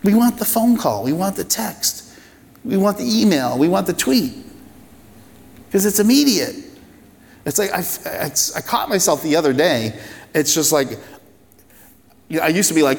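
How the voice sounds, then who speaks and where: A man's voice: a little high, big pitch swings, moderate pace, vocal fry, pauses often. A male pastor delivering a sermon in a conversational, emphatic way, driving points home with repeated phrases. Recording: long reverb of a large hall.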